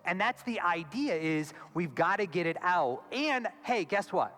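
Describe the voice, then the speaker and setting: A man giving a conference keynote as a therapist, animated and acting out quoted voices, on a stage mic in a large hall. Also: high-pitched, measured pace. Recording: long hall reverb with faint music.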